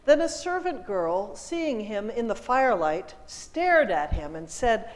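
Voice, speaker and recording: Slow, deliberate woman lector in church. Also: mid-range voice, sing-song, in a large hall, poor audio. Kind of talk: liturgical scripture reading.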